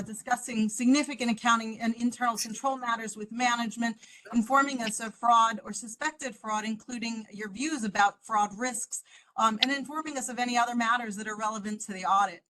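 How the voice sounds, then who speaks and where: A woman's voice: a little high, fairly even intonation, brisk, sharp tone, poor audio. A woman auditor presenting a report to a board over a video call, explaining step by step with frequent "um"s. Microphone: computer mic on a video call.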